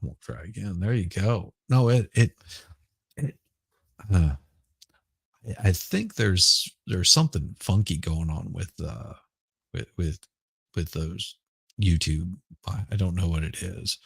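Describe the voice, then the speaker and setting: A middle-aged man with a Southern accent, hoarse right now, chatting casually and rambling on a livestream. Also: deep voice, expressive, a bit bright, dry recording. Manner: rambling, halting, repeats words. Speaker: livestream host. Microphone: headphones with mic.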